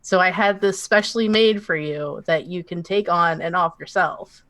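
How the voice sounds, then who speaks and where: A woman's voice: fairly low pitch, a bit bright, dry recording. A woman voicing a kind, thoughtful tiefling woman adventurer who halts and fills gaps with "uh" as she talks. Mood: earnest. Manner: halting, full of fillers.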